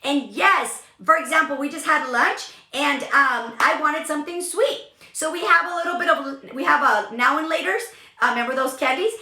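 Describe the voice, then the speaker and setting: A woman's voice: high voice, moderate pace, hardly any pauses, pushed and bright, echoey room. A woman hosting a motivational talk, speaking with emphatic energy and repeating phrases for emphasis. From California. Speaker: podcast host, business coach.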